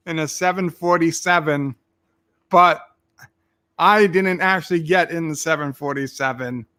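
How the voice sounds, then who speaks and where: A man's voice: fairly high pitch, bright, forceful tone, clear, resonant tone. A man streaming, casually retelling a dream in a rambling, swearing way and acting out his own lines.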